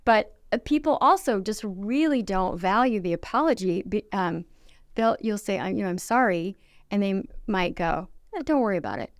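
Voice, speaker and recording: Middle-aged woman, relationship advice, smooth low-ish voice, dry close sound. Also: normal speed, dry recording. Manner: acts out quoted apologies in lively voices; earnest and instructive. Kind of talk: casual advice conversation.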